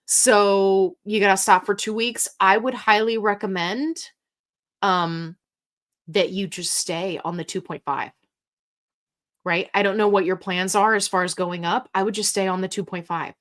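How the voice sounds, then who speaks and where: Upbeat woman chatting thru a livestream q&a, reading comments, mid pitch. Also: steady tone, a little slow, a bit bright. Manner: chatty and upbeat, reads viewer comments aloud. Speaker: livestream host answering viewer questions. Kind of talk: casual live Q&A chat.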